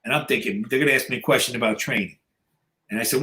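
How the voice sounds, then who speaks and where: A man's voice: mid-range voice, fairly even intonation, quick pace, bright, forceful tone. A man in his sixties, a podcast guest, telling stories in a blunt, profane way, full of "you know" fillers and acting out other people's lines. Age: 60s. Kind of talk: casual storytelling.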